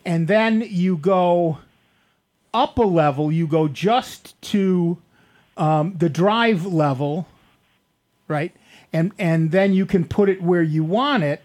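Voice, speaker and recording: A man's voice: sits high, slow, darkish tone. A man hosting a call-in computer radio show, talking casually and walking callers through steps in a rambling, chatty way. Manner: chatty, rambling, explains step by step. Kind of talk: call-in radio tech advice. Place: radio studio. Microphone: studio microphone.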